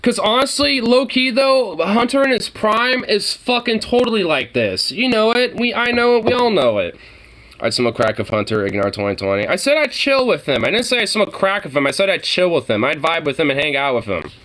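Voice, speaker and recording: Excitable young man reacting, lively pitch. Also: fairly quick. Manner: excitable, profane, laughing, many fillers. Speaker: streamer reacting to a trailer. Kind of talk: casual reaction commentary.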